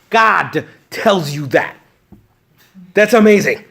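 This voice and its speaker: A man, a priest, giving a retreat talk to young adults, joking and animated one moment and hushed the next. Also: medium pitch, quick pace.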